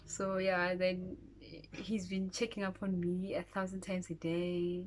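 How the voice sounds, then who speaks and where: This is a South African woman with a low-ish voice telling a personal story on her vlog. She talks slowly and casually, slipping into whispered asides as she goes. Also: flat delivery. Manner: chatty, drops into whispered asides. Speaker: YouTuber.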